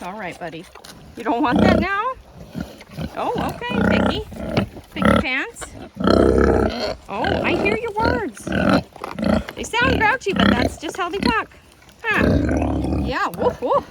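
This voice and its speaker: A woman homestead vlogger talking casually and affectionately to her pigs as she hand-feeds them in an outdoor pen. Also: high voice. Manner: coaxing, affectionate pet talk to animals. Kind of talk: casual talk while hand-feeding pigs. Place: outdoor farm pig pen. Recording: loud pig grunts and farm noise.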